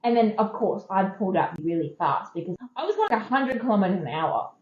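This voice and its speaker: A woman's voice: mid-range voice, lively intonation, brisk, echoey room, highs cut off. Candid Australian woman telling her story. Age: 30s. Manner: candid, conversational, emphatic repetition. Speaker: podcast host. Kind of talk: personal storytelling.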